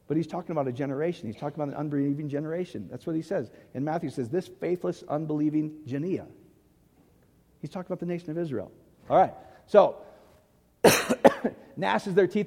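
A man's voice: fairly high pitch, dark tone, in a large hall. A man preaching a sermon in an emphatic way, often checking that the audience agrees. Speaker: pastor.

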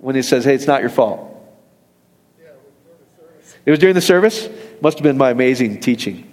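During a church service, a pastor preaches to his congregation in a lively, conversational way, acting out quoted voices. His mid-range voice moves at normal speed, and a long reverb tail trails behind it.

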